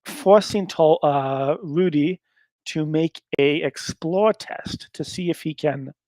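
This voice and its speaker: A man's voice: a little high, slow pace, darkish tone, dry recording. A man narrating a solo tabletop game in a rambling way with lots of fillers.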